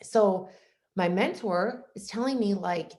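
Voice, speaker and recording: A woman's voice: mid-range voice, takes it slowly, a little mellow. Chatty young woman telling a story. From Michigan. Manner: chatty, says "like" constantly, acts out quoted voices. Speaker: guest speaker. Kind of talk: casual storytelling talk. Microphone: video call.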